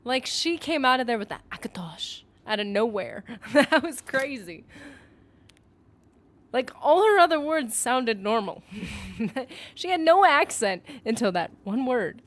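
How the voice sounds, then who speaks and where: A young woman livestreaming a game, talking casually in a rambling, animated way, filling her sentences with "like". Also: a little high, a little slow. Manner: rambling, animated, heavy use of "like". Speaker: gaming streamer. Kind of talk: casual live-stream commentary.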